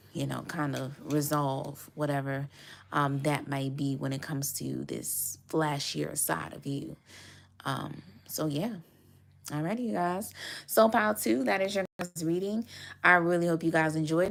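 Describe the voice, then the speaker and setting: A woman with a low voice that has a gravelly edge chats her way through a tarot reading for her viewers. She is loose and conversational, trailing into fillers and small laughs. Her tone stays relaxed and familiar throughout. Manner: chatty, lots of fillers and little laughs. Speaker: tarot reader.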